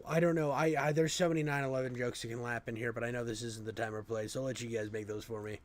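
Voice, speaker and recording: A man's voice: mid-range voice, fairly even intonation, fast, a little hiss or hum. A young man giving casual reaction commentary, incredulous and blunt, swearing and laughing in disbelief. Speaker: streamer reacting to a video.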